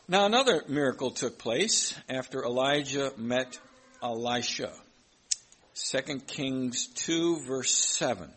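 A man's voice: medium pitch, fairly bright tone, slightly rough, poor audio. A man preaching a sermon, reading Bible verses aloud and explaining them, with some hesitant restarts. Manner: reads scripture aloud and comments, with hesitant restarts.

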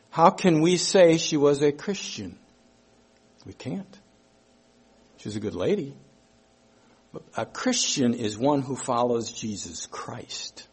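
A man preaching a sermon, slow and emphatic, repeating his key phrases as he works through a Bible verse. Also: medium pitch, breathy edge.

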